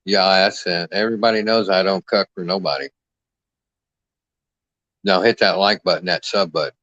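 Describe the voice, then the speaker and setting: A very deep-voiced man hosts a livestream and trades crude insults in a brash, mocking drawl. The sound is dry and a little dull, like a cheap mic close up. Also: steady tone, normal speed, a bit bright, dry recording. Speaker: livestream host. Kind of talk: crude trash-talking livestream chat.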